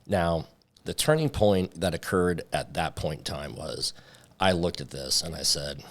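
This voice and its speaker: A man's voice: sits low, unhurried. A man, a company founder, telling his story in a casual interview and acting out the dialogue as he goes. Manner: lively storyteller who acts out quoted dialogue.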